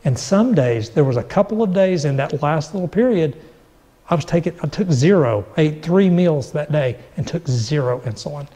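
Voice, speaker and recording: A man's voice: fairly high pitch, lively intonation, normal speed, warm tone. Guest, middle-aged man giving a spoken testimony in a reverberant space, voicing the people in his story. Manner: storytelling, acts out quoted dialogue. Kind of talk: personal testimony.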